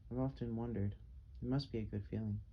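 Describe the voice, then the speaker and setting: A man narrating an audiobook, voicing a gentle, worried mother who speaks softly. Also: fairly low pitch, steady tone, fast talker, vocal fry, highs cut off, slight background noise. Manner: soft, pleading.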